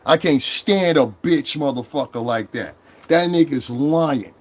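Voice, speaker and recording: A man's voice: a little high, a little slow. Man ranting angrily on a livestream. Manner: angry, profane, repetitive ranting. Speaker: online streamer. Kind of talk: livestream rant to chat.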